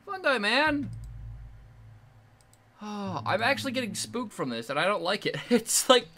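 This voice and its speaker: A young man giving jumpy commentary while playing a horror game, yelling at the monster chasing him. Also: high-pitched, big pitch swings, fairly quick. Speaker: gamer.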